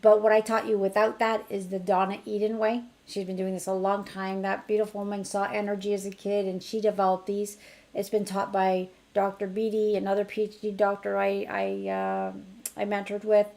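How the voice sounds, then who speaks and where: Gravelly-voiced woman teaching energy technique. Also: mid-range voice, fairly even intonation, moderate pace, darkish tone. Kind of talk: casual online teaching demonstration.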